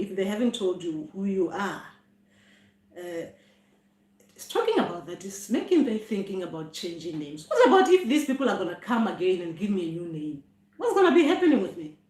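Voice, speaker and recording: A woman's voice: medium pitch, a little mellow, echoey room. A middle-aged South African woman, a traditional healer, chatting casually on a live stream and often exclaiming with laughter. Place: home room.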